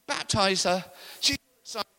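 Guy preaching, kinda high bright voice, tells stories, laughs a lot. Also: measured pace. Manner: storytelling, animated, laughs often. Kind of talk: sermon.

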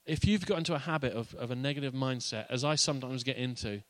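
A man's voice: medium pitch, quick pace, dry recording. Playful, conversational male preacher. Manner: conversational and playful, with laughs and asides. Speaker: pastor. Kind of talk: sermon.

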